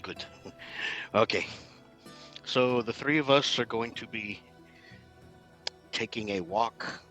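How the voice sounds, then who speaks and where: A man's voice: medium pitch, slow, bright, forceful tone, soft background music. A man playing a tabletop game, speaking in formal, wordy phrases broken by hesitant fillers. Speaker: player. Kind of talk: casual tabletop game play.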